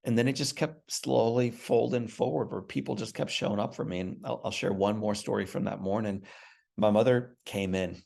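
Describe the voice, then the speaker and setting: A man's voice: lowish voice, moderate pace, creaky, a little mellow. An earnest middle-aged man telling an emphatic personal story as a guest in an interview.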